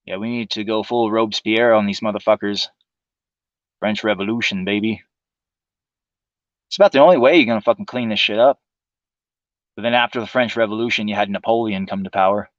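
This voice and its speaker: A man's voice: fairly low pitch, fairly even intonation, fairly quick, long pauses, dry recording, dull audio. A man hosting a livestream, delivering a profane, sarcastic political monologue in a casual ranting manner. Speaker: livestream host.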